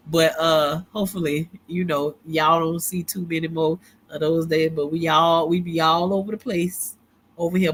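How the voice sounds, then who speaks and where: A woman's voice: low-pitched, a bit bright, a little hiss or hum. A middle-aged woman hosting a casual livestream, rambling loosely and laughing easily as she talks straight to her viewers. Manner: frequent easy laughter. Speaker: livestream host.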